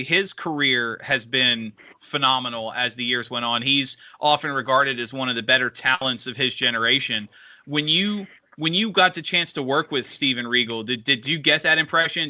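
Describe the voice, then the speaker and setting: Bright-voiced man asking long questions. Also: mid-range voice. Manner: long, searching questions full of restarts. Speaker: interviewer, podcast co-host. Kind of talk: interview questions.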